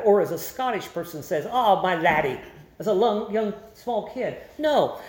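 A pastor preaching a sermon, with an emphatic, deliberate teaching delivery. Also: mid-range voice, darkish tone, reverberant.

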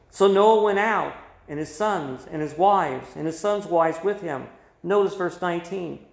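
A man preaches a sermon in a high-pitched voice. He leans hard on repeated phrases and swings between loud emphasis and quiet asides. The sound carries the echo of a roomy hall. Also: unhurried, vocal fry. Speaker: pastor.

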